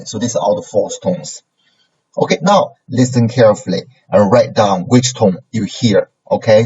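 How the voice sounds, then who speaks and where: A man's voice: mid-range voice, a little mellow, a little hiss or hum. A man teaching a language lesson, patiently modelling sounds and checking in with "right?" after each point. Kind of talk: classroom lesson. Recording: dull lo-fi recording.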